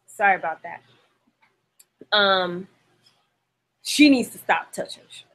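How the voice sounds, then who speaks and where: A chatty young woman hosts a loose show recap, with plenty of laughs and fillers along the way. Her voice sits at a mid pitch for a woman. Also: lively intonation, takes it slowly, fairly bright tone, rough recording. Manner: chatty, laughs often, acts out lines from the show. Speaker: podcast host. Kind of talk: casual TV recap chat.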